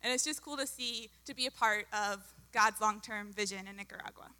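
A woman's voice: mid-range voice, fairly quick, pushed and bright, clear, resonant tone. A young adult woman sharing a chatty, bubbly testimony as a mission volunteer. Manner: bubbly, chatty with many fillers. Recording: hall reverb.

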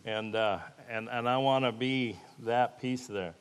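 A lay preacher delivers an informal, plain-spoken sermon with a live demonstration, earnest and folksy in manner. His medium-pitched voice is clear and resonant, with fairly even intonation and a slightly slow pace. The hall is echoey, with long reverb.

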